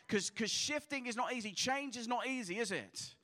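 A middle-aged pastor preaches with a fairly high voice. He talks conversationally and tells his stories with animation, often stumbling and restarting a phrase before pressing on. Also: expressive, normal speed, pushed and bright. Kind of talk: sermon.

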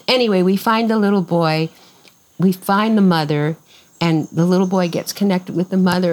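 A woman's voice: medium pitch, moderate pace, low-quality recording. An older woman casually telling a long story in an interview outdoors on a farm, restarting sentences and acting out what people said. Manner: lively, acts out quoted voices, rambling restarts.

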